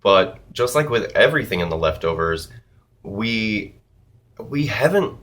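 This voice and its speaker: Deep-voiced man ranting about a TV episode. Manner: animated, profane, rambling with restarts. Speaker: TV episode reviewer. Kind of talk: casual spoken TV review.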